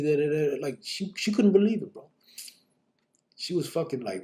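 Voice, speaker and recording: Profane gravelly man, blunt storytelling. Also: on the high side, very animated, a little slow, dark tone. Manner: blunt and profane, lots of "you know what I'm saying". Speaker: host telling his life story on a live stream. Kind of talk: casual live-stream storytelling.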